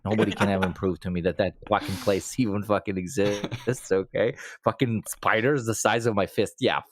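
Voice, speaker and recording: A man's voice: lowish voice, fairly even intonation, moderate pace, a crowd in the background. A man on a podcast, ranting emphatically and swearing heavily in a casual chat. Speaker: podcast guest.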